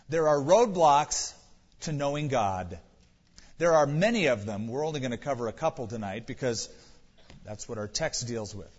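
A man's voice: fairly high pitch, husky, in a large hall, muffled recording. A man, a pastor, preaching an earnest, conversational sermon.

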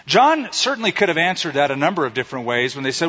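A male preacher giving a sermon in a conversational, animated way, retelling stories and acting out quotes. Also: a little high, fast, hardly any pauses. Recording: echoey hall, slightly dull sound.

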